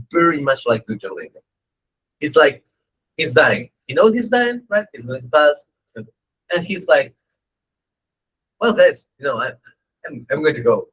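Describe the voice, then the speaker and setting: A dharma teacher tells stories in a husky voice with a lively, swinging pitch. He lectures in a joking, conversational way. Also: poor audio. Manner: animated, joking, conversational, frequent "right?". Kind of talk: humorous lecture storytelling.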